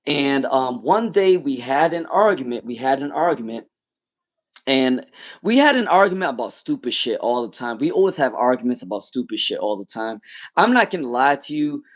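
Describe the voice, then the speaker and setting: A man in his thirties telling a personal story in casual monologue, emphatic and animated, often repeating his points. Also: mid-range voice, moderate pace. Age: 30s. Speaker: tarot channel host.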